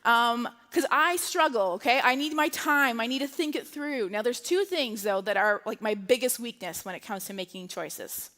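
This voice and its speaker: A woman preaching in a light, conversational style, often checking in with her listeners. Her voice sits high. The sound rings with long reverb, as in a large hall. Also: moderate pace, few pauses, fairly bright tone. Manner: chatty and humorous, tags lines with "okay?" and "right?". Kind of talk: conversational sermon. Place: church sanctuary, live service.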